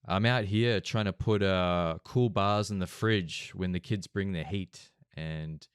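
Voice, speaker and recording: A man's voice: low-pitched, unhurried, clear, resonant tone, dry recording, clean studio sound. A man, hosting a casual podcast chat with joking, laid-back banter. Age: late 20s. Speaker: podcast host.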